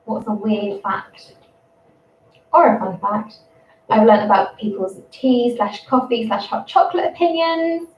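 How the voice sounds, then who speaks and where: A young English woman in her twenties, a primary school teacher chatting casually on a livestream, rambling and quick to laugh. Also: a little high, slight background noise. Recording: roomy, distant, dull sound.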